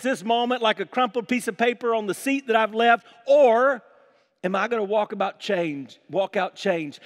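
A man preaching a sermon as pastor, animated and acting out scripture passages with playful voices. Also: sits high, in a large hall. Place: church sanctuary.

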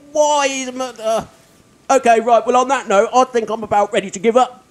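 A man with a strikingly high voice gives let's-play commentary on his own gaming. He mocks himself, chuckles often and breaks into exasperated outbursts. He talks into a desk microphone. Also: fairly even intonation, moderate pace. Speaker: gaming video creator.

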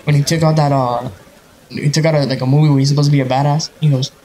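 A man's voice: a little high, flat delivery, fast, dark tone, slight background noise. A man co-hosting a podcast, chatting casually and rambling, with lots of "like" and "bro". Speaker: podcast co-host. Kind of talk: casual chat.

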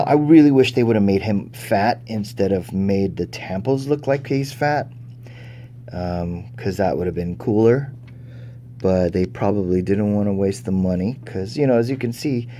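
A man's voice: lowish voice, expressive, normal speed, dark tone, slight background noise. A man giving casual, chatty toy unboxing commentary, thinking aloud and easily impressed. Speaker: toy reviewer.

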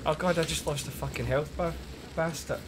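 A man's voice: a little high, fairly even intonation, fairly quick. A Scottish man streaming a game, chatting casually, swearing freely and laughing often. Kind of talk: casual gaming chat. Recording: noisy game stream audio.

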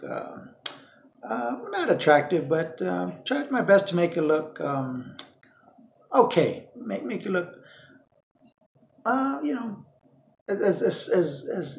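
A man's voice: fairly high pitch, vocal fry, reverberant, slight background noise. A man making a casual solo vlog, rambling with many fillers and repeats while he eats and talks with his mouth full. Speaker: vlogger.

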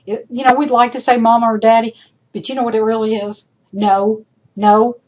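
Woman, college instructor, slightly high voice, direct chatty feedback, repeats points, voice going hoarse. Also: fairly even intonation, quick pace, darkish tone, dull audio. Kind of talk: recorded lecture feedback over screen demo.

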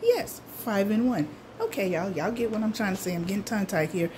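A woman's voice: mid-range voice, animated, a little fast, darkish tone, slight background noise. An older woman, chatting casually to the camera at home as she shows off a shopping haul. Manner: chatty, homey, talks straight to viewers as y'all. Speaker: vlogger showing a shopping haul. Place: at home in her apartment.

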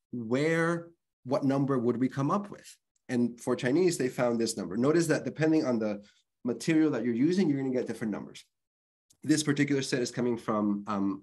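A man's voice: medium pitch, darkish tone. A man presenting an online literacy workshop, explaining things in a conversational way and spelling out sounds. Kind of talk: workshop lecture.

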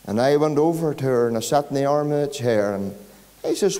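In a large church hall, a man with a Northern Irish accent preaches an evangelistic sermon, telling a story and building to emphatic peaks. His voice is mellow and medium-pitched at a moderate pace, and the hall's reverb is audible.

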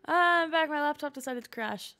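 A young woman streamer chatting casually through a life-simulation game. Her voice sits high, with a gravelly fry at the ends of phrases. She talks to her viewers and coaxes her game characters along. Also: expressive, brisk, bright, forceful tone. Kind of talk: casual gameplay commentary.

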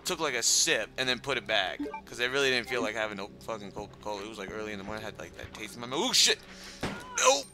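A man's voice: on the low side, steady tone, rapid-fire, hardly any pauses. A young man casually telling a long story while playing a video game, swearing often and full of fillers. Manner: laid-back, profane, filler-heavy, laughing asides. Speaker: gameplay commentator. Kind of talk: casual storytelling over gameplay. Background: video game music.

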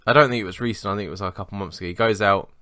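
A man's voice: lowish voice, racing, pushed and bright, no room sound, studio quality. A man co-hosting a podcast, telling a rambling work story in casual chat, swearing and laughing as he goes. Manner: rambling, swearing, laughs at his own stories. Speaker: podcast co-host.

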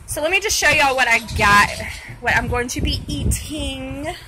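A woman's voice: high voice, expressive, moderate pace. A woman from Texas with a Texan accent, chatting frankly as she films a mukbang vlog on her phone. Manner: chatty and frank, with mild cursing. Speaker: mukbang vlogger. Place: outdoors at a cafe table, windy. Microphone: phone camera. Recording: noisy outdoor phone recording.

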